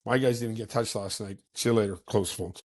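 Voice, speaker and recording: A man, a former hockey player, telling a locker-room story as a podcast guest, animated and swearing, acting out the voices of others. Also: on the low side, fairly quick. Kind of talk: storytelling in casual chat.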